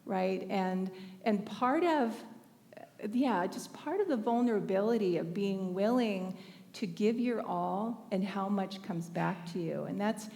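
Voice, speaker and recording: A woman's voice: medium pitch, a little slow, gravelly, dark tone, big-room sound. A woman from Northern California giving a storytelling sermon at a thanksgiving service, conversational and often laughing. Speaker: speaker at a spiritual thanksgiving service.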